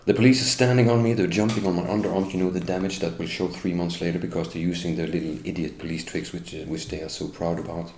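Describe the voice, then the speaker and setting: A middle-aged Norwegian man, whose first language is Norwegian, speaks English as an interviewee, giving a bitter, indignant first-person account and turning to address the police directly. His voice is low and darkish, with fairly even intonation, and he talks fast with few pauses. The recording has a roomy echo, faint ambience, and a little hiss or hum.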